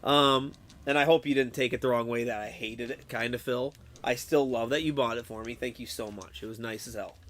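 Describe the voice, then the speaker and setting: A young man streaming, chatting casually with his viewers, excitable, swearing a lot and laughing often. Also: medium pitch, brisk, few pauses. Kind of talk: casual live-stream chat about a game.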